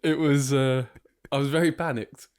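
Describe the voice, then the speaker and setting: A young man, co-hosting a casual podcast in an even, mid-pitched voice. He rambles, restarts his sentences and laughs easily as he tells a story. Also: moderate pace, smooth. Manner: giggly, rambling, restarts a lot. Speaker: podcast co-host.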